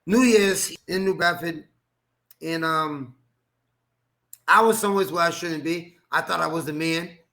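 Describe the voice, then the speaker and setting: A man telling a personal story as an interview guest, animated, acting out quoted dialogue and laughing often. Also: fairly high pitch, measured pace, long pauses. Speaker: guest, former boxer.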